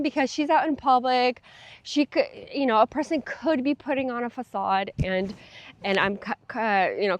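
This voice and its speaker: A woman's voice: mid-range voice, no echo. Chatty young woman vlogger, dry sound. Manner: chatty, many fillers and laughs. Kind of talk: casual talk to camera.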